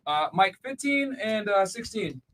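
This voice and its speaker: A man's voice: high-pitched, very animated, unhurried, a bit bright, slight background noise. A man hosting a podcast, loose and joking as he directs the set-up, on a studio mic. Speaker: podcast host. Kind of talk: casual podcast banter. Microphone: studio microphone.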